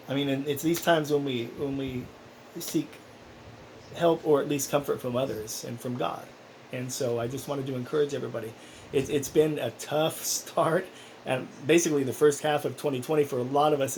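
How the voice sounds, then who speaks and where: A man's voice: medium pitch, steady tone, normal speed, long pauses, a little mellow, a little hiss or hum, low-quality recording. A man talking casually in a personal vlog, rambling and earnest, with many restarts. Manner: earnest, encouraging. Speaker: vlogger.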